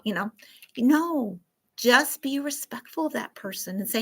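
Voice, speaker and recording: Animated high-voiced woman counselor. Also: normal speed, breathy edge. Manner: animated, coaxing, frequent "okay?" check-ins. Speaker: school counselor. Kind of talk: classroom lesson for children.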